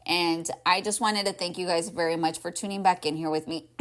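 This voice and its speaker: A woman's voice: on the low side, fairly even intonation, moderate pace. Chatty emphatic woman podcast host. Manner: chatty and emphatic, lots of "like" and "y'all". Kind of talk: casual solo podcast talk.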